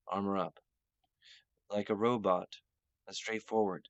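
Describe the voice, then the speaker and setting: A man talking to his viewers in a rambling monologue, full of fillers and restarts, sometimes slowing into solemn, declaiming phrases. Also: sits low, little pitch movement, clean tone, no echo. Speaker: video host. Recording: dull lo-fi dry sound.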